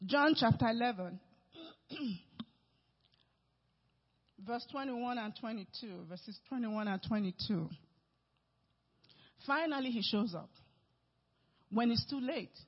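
A male pastor preaching a sermon, emphatic, with sudden swings between loud and soft. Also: extremely high pitch, husky. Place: church sanctuary. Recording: reverberant hall, dull sound.

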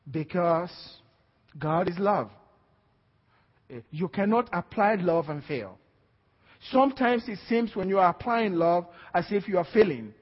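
A man preaching a sermon with passion, building up to shouts as he reads scripture. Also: high voice, in a large hall, lo-fi sound. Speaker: pastor.

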